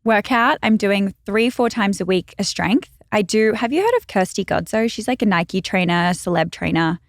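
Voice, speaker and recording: A young Australian woman chatting as a podcast guest, telling stories with quick asides. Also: mid-range voice, dry recording, studio quality. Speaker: guest, brand founder. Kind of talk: casual chat. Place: podcast studio.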